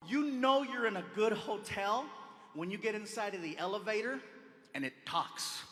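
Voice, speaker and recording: A man's voice: sits high, moderate pace, background noise. A man doing stand-up, chatty and drawing the audience in. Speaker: stand-up comedian. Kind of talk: stand-up routine. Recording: echoey hall from far off.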